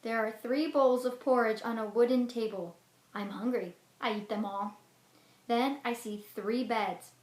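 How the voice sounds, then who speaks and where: A woman's voice: a little high, measured pace. Woman teacher reading a storybook aloud. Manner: expressive storybook reading with lively swings. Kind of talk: reading a children's book aloud and giving a lesson. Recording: roomy echo with faint noise.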